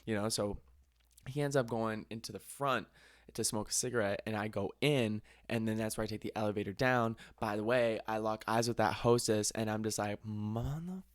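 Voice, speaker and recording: A young man hosting a podcast, telling a funny story in casual chat, animated, laughing often and swearing casually. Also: lowish voice, a little fast, no echo, studio quality. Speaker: podcast host.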